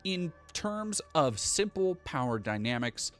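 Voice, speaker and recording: New England male streamer, profane rant, lively swooping pitch, faint music underneath. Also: unhurried. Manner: profane, heated, ranting. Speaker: live streamer. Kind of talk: live-stream commentary.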